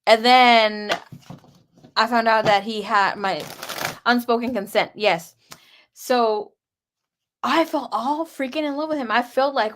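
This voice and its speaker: A woman's voice: on the high side, fairly even intonation, slow, long pauses, fairly bright tone. A young woman tarot reader talks straight to her viewers in a loose, chatty way. She is candid and dramatic, and she swears often as she tells her story. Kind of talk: casual personal storytelling.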